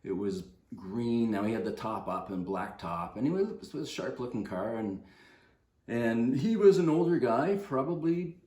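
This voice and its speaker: A man's voice: mid-range voice, lively intonation, moderate pace, warm tone, reverberant. An older man, a fitness coach, telling a rambling anecdote to the camera in a casual way, with many fillers and restarts.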